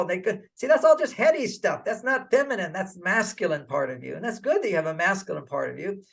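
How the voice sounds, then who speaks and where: An older man giving relationship advice in an interview, animated and acting out little quoted dialogues. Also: on the high side, fast talker, vocal fry, few pauses. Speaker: relationship author and guest.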